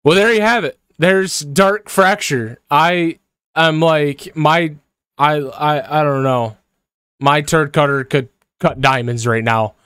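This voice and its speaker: A man's voice: a little high, slow, fairly bright tone, clear, resonant tone, no echo, studio quality. Jittery man narrating a horror game. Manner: jittery, repeats words and yelps in fright. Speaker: gaming video creator. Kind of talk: horror game let's-play commentary.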